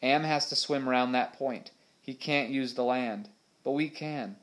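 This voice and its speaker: A man's voice: mid-range voice, unhurried, a bit bright, close to an everyday voice. A man doing a bold, eager young boy.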